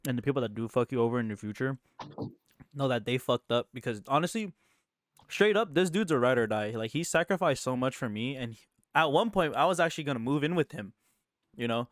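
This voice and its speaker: A man's voice: mid-range voice, expressive, brisk, dry recording, studio quality. A young man hosting a podcast in casual chat, effusive and emphatic, swearing freely. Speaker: podcast host.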